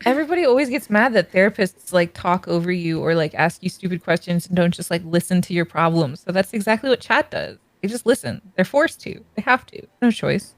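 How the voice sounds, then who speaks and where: A woman's voice: on the low side, expressive, brisk, no room sound. A young woman streamer chatting casually, telling stories with many fillers and frequent giggles. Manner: giggly, storytelling with lots of "like". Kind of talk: casual chat.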